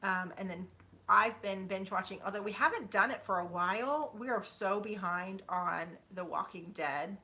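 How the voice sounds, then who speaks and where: A woman's voice: mid-range voice, normal speed, pushed and bright. A woman in her thirties chatting casually with viewers at home, rambling with many fillers. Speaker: YouTuber. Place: home, sitting on a bed.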